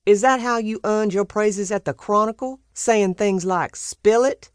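A woman doing a wry old gentleman uncle. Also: medium pitch, measured pace, dry recording, clean studio sound, pitched above the performer's own voice, close to an everyday voice. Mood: teasing. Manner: wry, teasing. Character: teasing older white-haired gentleman uncle.

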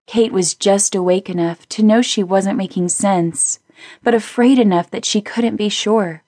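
A woman reading a novel aloud as an audiobook narrator, in a measured, steady way. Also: dry recording, clean studio sound. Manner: measured, voices characters with small pitch shifts. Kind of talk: scripted narration.

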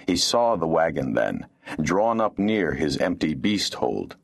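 Deep male narrator, animated delivery, for a fantasy audiobook. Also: a little slow, gravelly. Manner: expressive storytelling. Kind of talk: scripted narration.

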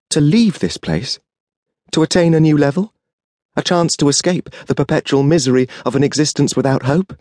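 A man narrating a first-person audiobook, with an expressive, wry, emotive reading. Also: medium pitch, moderate pace, no echo, clean studio sound.

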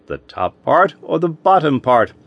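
A man's voice: a little high, very animated, a little slow, pitched above the performer's own voice, heavily acted. A man voicing a harried, snappish middle-aged FBI chief who talks in an urgent, flustered way in an audiobook. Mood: fussy. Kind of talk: audiobook character voice.

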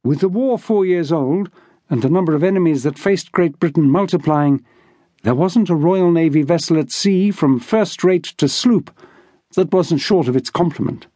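Measured male audiobook narrator, dry sound. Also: on the high side, dark tone, no room sound.

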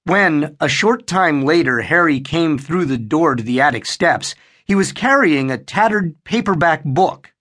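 A man narrating a horror audiobook in an expressive storytelling style. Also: on the high side, a little slow, hardly any pauses. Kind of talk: scripted narration.

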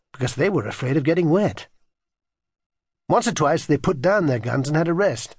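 Man, children's audiobook narrator, animated, husky voice, dry close recording. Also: on the high side, dry recording. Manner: expressive, animated storytelling.

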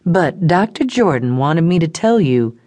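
Brief: woman narrator doing a calm, no-nonsense nurse, low voice, close dry read. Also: measured pace, no echo. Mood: brisk. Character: brisk hospital nurse, woman, unflappable.

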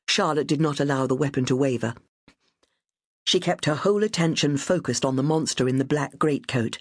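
A woman narrating a period novel as an audiobook, in a measured, dramatic storytelling manner. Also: a bass voice, a little mellow, no room sound, studio quality. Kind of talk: scripted narration.

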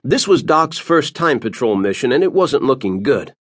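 A man narrating an audiobook with a dramatic, expressive reading. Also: mid-range voice, moderate pace, breathy edge, no echo, studio quality.

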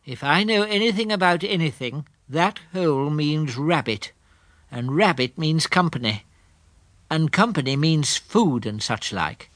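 A man's voice: a little high, expressive, a little slow, a bit bright, no echo, clean studio sound. A man voicing a mild, earnest bear of little brain in an audiobook, talking in a ponderous, slightly muddled way. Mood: musing. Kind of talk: audiobook character reading.

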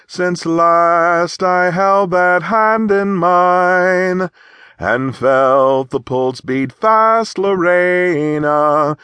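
A man voicing a playful young male cavalry officer who teases and sings a slow ballad. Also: medium pitch, fairly bright tone, husky, no room sound, voice pushed up.

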